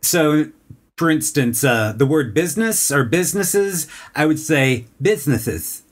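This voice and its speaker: A young man from Texas, a voice actor guest, chatting casually on a podcast and talking in halting bursts full of fillers and restarts. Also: on the high side. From Dallas, Texas.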